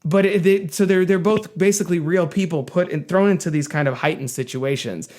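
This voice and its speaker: A man's voice: high-pitched, a little fast, darkish tone. A man co-hosting a casual film podcast, talking thoughtfully with frequent restarts. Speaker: podcast co-host.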